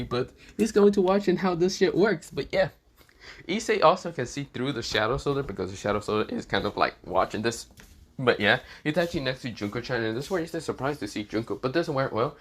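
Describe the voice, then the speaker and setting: A man's voice: medium pitch, a bit bright. A man rambling through an improvised fan-fiction retelling, full of fillers and restarts as he goes. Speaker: fan story narrator.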